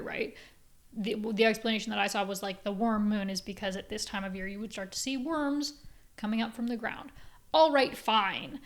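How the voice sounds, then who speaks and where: A young woman from Canada talks through a casual solo podcast with an animated, sarcastic edge. Her voice sits a little high, and she swears freely as she goes from one rant to the next. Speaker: podcast host.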